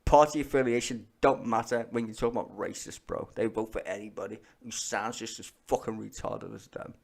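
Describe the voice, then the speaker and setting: A man's voice: on the low side, steady tone, a little fast, creaky. A man, ranting and swearing bluntly while streaming live commentary.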